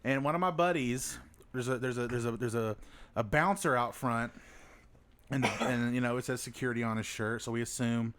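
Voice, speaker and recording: A man's voice: medium pitch, moderate pace, background noise. A young man hosting a podcast, telling a rambling, profane story in casual chat, often laughing as he goes. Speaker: podcast host.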